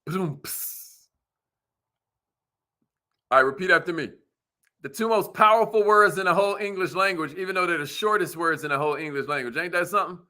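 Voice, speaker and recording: A man with a high, very bright and forceful voice gives an energetic motivational business talk. He talks in casual slang and keeps asking his listeners whether they follow him. His delivery leans preachy and punchy. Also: fast. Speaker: host.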